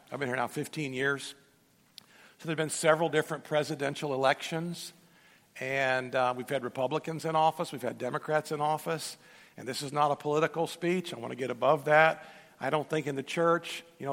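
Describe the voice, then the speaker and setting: A man's voice: on the high side, vocal fry. A middle-aged man preaching a sermon, telling folksy stories with joking asides and often repeating or restarting words as he builds a point. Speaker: pastor. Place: large church sanctuary. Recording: long reverb of a large church hall.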